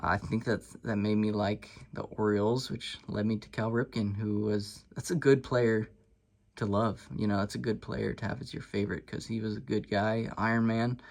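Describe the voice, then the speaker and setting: Relaxed nostalgic man reminiscing casually. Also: fairly low pitch, normal speed, creaky. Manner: relaxed and rambling, with many fillers and restarts; nostalgic and self-deprecating. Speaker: sports card collector and channel host. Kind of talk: casual storytelling vlog.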